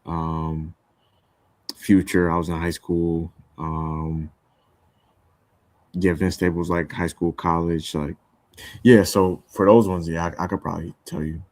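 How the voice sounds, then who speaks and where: Deep-voiced young man, loose chat. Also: little pitch movement, takes it slowly, pauses often, a little mellow, dry recording. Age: young adult. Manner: loose, rambling, full of fillers and restarts. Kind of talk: casual chat.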